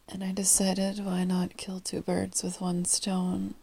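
A young woman with a groggy morning voice, talking in a hushed, halting whisper into a close mic, with many pauses and soft laughs. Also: fairly low pitch, completely flat delivery, vocal fry, husky. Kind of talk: whispered intimate monologue.

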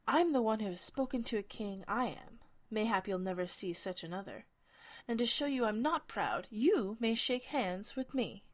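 Female reader doing a huffy, boastful egg-shaped gentleman on a wall, storybook voice. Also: mid-range voice, lively intonation, normal speed, lightly acted. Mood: pompous. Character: pompous touchy egg-shaped man on a wall. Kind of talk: storybook reading.

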